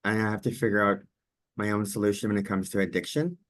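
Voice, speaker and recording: A man's voice: on the low side, flat delivery, fast talker, a bit bright. A man, a journalist and advocate, speaking frankly and openly on a video call, laughing easily. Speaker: journalist and advocate joining the meeting. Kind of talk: casual comment on a video call.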